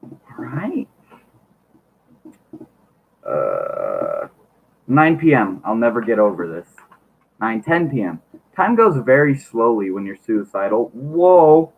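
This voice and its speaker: A man's voice: medium pitch, wildly swooping pitch, takes it slowly, gravelly, long pauses, breathy edge. A man reading a book aloud on his channel, stumbling over words and breaking off for wry joking asides. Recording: tinny lo-fi mic, faint hiss.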